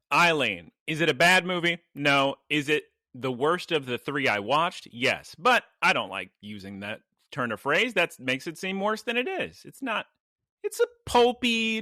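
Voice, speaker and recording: Podcast co-host, male, animated storyteller, bright and lively, dry close sound. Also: fairly high pitch, no echo. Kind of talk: casual chat.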